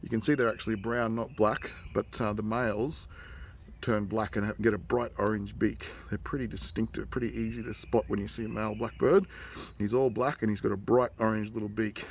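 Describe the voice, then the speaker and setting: A man with an Australian accent, chattily narrating a casual nature vlog outdoors for his nephews, getting excited and hushing near animals. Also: fairly low pitch, brisk, slight background noise. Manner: chatty and enthusiastic, drops to a hush near animals. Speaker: uncle filming a nature video for his nephews. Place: outdoors in a rural yard with bush and birds.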